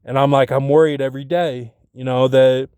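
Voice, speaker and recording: A man's voice: mid-range voice, steady tone, brisk, warm tone, clear, resonant tone, dry recording. A man talking in a rambling personal monologue, packed with fillers and restarts, getting agitated when he retells arguments.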